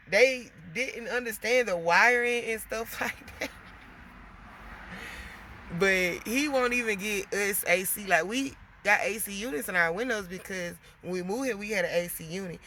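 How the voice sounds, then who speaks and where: A woman's voice: medium pitch, measured pace, sharp tone, a little hiss or hum. A woman with young kids venting casually to her viewers, swearing freely and calling them y'all. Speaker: vlogger.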